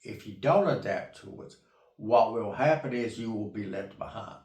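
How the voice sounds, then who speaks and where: Worn out from a 3 a.m. start, a middle-aged investing vlogger delivers a loose, folksy monologue to camera, circling back on his points and cursing casually. His voice is fairly low and darkish, at a moderate pace, with a roomy sound.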